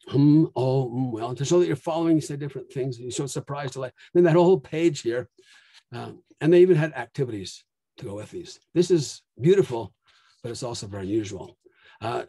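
Mellow-voiced man giving a lecture. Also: medium pitch, husky, dry recording. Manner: explanatory, checks in with frequent "okay?". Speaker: conference plenary speaker. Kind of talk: lecture presentation.

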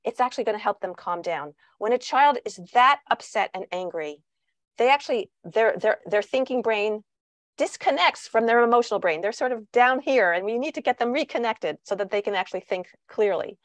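A woman who writes on parenting answers interview questions over a video call, lively, and she acts out the voices she quotes. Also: on the high side, a little fast, dry recording. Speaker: parenting author and guest speaker.

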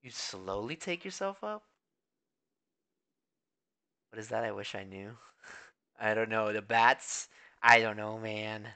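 A man streaming a video game, reacting excitably, swearing a lot and talking to his chat. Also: lowish voice, takes it slowly, long pauses, clear, resonant tone. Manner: talks to chat and thanks followers. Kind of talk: live gameplay commentary. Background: faint game music.

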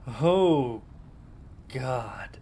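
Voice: mid-range voice, expressive, very slow, warm tone, a little hiss or hum. A young adult gaming host giving live commentary on a boss fight, panicky and exclaiming, often repeating himself. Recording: game music behind the voice.

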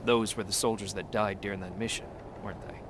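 An actor playing a calm, gentle male soldier in a video game. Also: lowish voice, fast, noisy background, natural voice. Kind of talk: video game cutscene acting.

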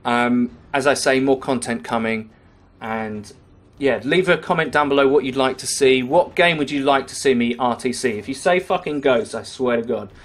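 A young man giving sarcastic, swearing commentary over his own gameplay as a gaming YouTuber. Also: medium pitch. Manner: sarcastic, swearing, quick to rage and laugh. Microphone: webcam-recorded gaming setup.

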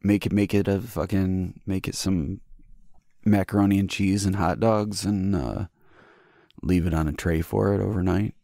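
A man's voice: sits low, fairly even intonation, moderate pace, gravelly, dark tone, no echo, studio quality. A man hosting a podcast in casual chat, joking and swearing a lot. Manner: profane, joking. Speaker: podcast host.

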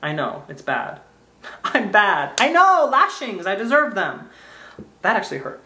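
A man's voice: high-pitched, very animated, unhurried, sharp tone, slight background noise. A man vlogging in a goofy, rambling way, breaking into sing-song bits and playful asides to the viewer. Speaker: YouTube vlogger. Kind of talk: rambling comedic vlog. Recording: roomy echo.

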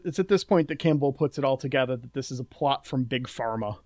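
A man co-hosting a podcast, summarizing a movie's plot in a steady recap and chatting about it. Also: medium pitch, quick pace, no room sound, studio quality. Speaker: podcast co-host recapping the film. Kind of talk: casual recap and chat.

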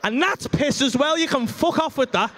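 High-voiced crude comedian. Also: male voice, normal speed, slight background noise. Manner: crude, animated, acts out scenes with moans and gasps. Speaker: stand-up comedian. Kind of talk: stand-up comedy set. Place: comedy club stage.

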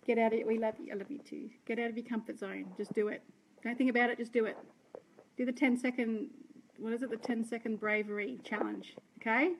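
An Australian woman, a sales director, chatting and rambling warmly to her team on a live stream. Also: a little high, steady tone, a little fast, a little hiss or hum. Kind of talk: live-stream talk to viewers.

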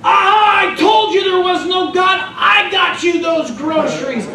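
A man voicing a grumpy, fed-up atheist neighbor who shouts back angrily; heard in an echoey church hall from a distant mic with noise. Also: very high voice, unhurried, crowd noise, voice pushed up. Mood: angry shouting.

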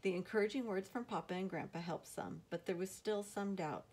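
A woman narrating a novel aloud in a steady, measured storytelling manner. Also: mid-range voice, breathy edge. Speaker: audiobook narrator.

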